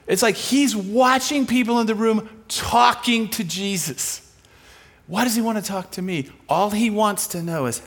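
A man with a high voice delivers a sermon in an animated, storytelling way. He slips into the voices of the people he describes to act out each scene. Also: unhurried. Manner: acts out the people in his stories. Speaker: preacher.

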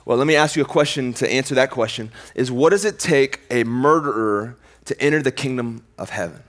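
A male pastor delivering a sermon, moving between emphatic, raised declarations and quiet, slowed passages, with a casual, conversational way of phrasing. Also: medium pitch.

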